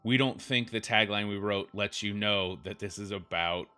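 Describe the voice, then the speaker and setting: A man's voice: lowish voice, moderate pace, bright, forceful tone, clear, resonant tone, faint music behind. A man hosting a podcast, rambling through wry, self-deprecating comedic commentary.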